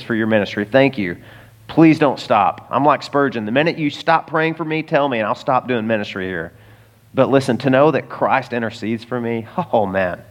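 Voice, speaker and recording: Man preaching an earnest sermon. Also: mid-range voice. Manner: earnest, conversational preaching with frequent asides to the congregation. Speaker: pastor.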